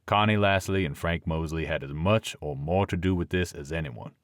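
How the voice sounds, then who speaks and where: An older Southern football coach, as a male narrator puts him on, speaks in a thick, mumbling drawl and delivers his words haltingly. The voice sits very low, and the recording is close and dry. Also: no room sound, close to an everyday voice. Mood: grateful.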